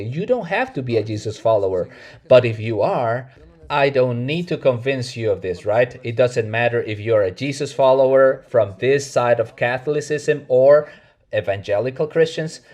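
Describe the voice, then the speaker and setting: Earnest preacher, Mexican Spanish accent. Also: male voice, medium pitch, a little mellow. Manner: earnest, measured preaching with self-corrections. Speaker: pastor. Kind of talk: sermon.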